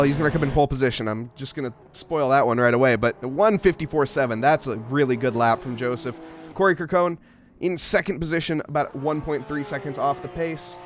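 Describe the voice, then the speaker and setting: A man's voice: a little high, a little hiss or hum. A man commentating a live sim racing event, joking about himself and laughing often. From English-speaking. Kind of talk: live esports race commentary.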